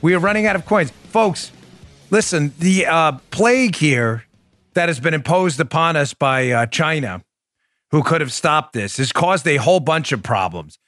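A man's voice: on the high side, lively intonation, normal speed, a bit bright, no echo, clean studio sound, faint music behind. A man hosting a political talk show, emphatic and combative, speaking straight to his listeners and reading ads.

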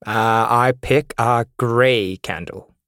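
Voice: medium pitch, takes it slowly, a bit bright, dry recording. Jokey tabletop player, dry sound. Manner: jokey, laughs at own rolls. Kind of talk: casual tabletop play.

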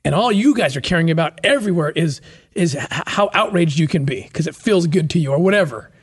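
Husky, earnest man telling a story. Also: fairly high pitch, lively intonation, brisk. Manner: earnest, passionate, with frequent restarts. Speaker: podcast guest. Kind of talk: conversational interview storytelling.

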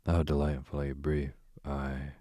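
A man reading an audiobook, voicing a languid aristocratic duke with a smooth, sarcastic drawl. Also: very deep voice, level tone, measured pace, a little mellow, no echo, studio quality. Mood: sardonic. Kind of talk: audiobook character voice.

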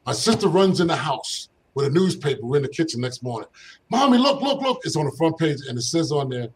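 A man's voice: medium pitch, quick pace, slight background noise, poor audio. An older man from Philadelphia, a former basketball player, telling stories from his youth as an interview guest, acting out the voices of the people in them. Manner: animated storyteller, acts out quoted voices, laughs often. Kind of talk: casual storytelling.

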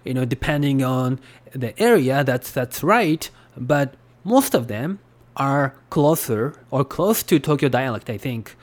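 A Japanese man with a Japanese accent hosts a casual podcast in a medium-pitched, expressive voice that runs a little slow. His talk is loose and rambling, packed with fillers.

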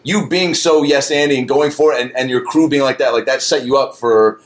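A man's voice: medium pitch, a little fast. A man in casual podcast chat, mostly giving short reactions and thoughtful follow-up remarks.

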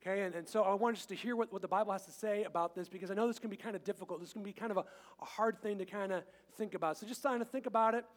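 A middle-aged man preaches a casual sermon in a church sanctuary, mixing scripture readings with jokes and acted-out family moments. His voice sits high, and the room adds a lingering reverb to every phrase. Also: rapid-fire. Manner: chatty and joking, quotes scripture, acts out little scenes. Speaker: pastor.

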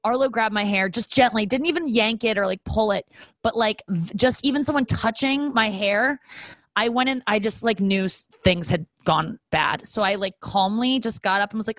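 A young woman co-hosting a podcast in casual chat, telling stories and acting out quotes in a high voice. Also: moderate pace, no room sound. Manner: animated storyteller, acts out quotes in a high voice. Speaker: podcast co-host.

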